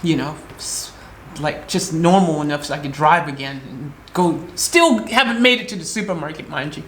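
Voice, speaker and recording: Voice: mid-range voice, moderate pace, fairly bright tone. A vlogger from the United States, still shaken, tells an upsetting story in a loose, rambling way full of restarts. Now and then the voice jumps into quoted lines for the other people in the story. The room has a noticeable echo, and there is a faint hiss underneath. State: emotionally shaken. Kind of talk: emotional storytelling vlog.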